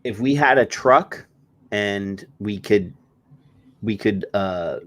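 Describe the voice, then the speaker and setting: A man's voice: fairly low pitch, slow pace, a bit bright. A man hosting a podcast, joking and spinning playful schemes in casual chat. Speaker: podcast host.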